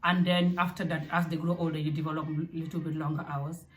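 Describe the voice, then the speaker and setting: A young adult woman from Africa giving parenting advice in a casual, direct, animated way. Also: sits low, quick pace, a little hiss or hum. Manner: animated and direct, with acted asides. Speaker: parenting vlogger. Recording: echoey room.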